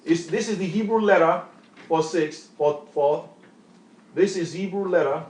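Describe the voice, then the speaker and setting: A man's voice: fairly high pitch, unhurried, darkish tone. A man preaching and teaching scripture, emphatic, quizzing his reader with repeated questions in a call-and-response style. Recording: echoey room.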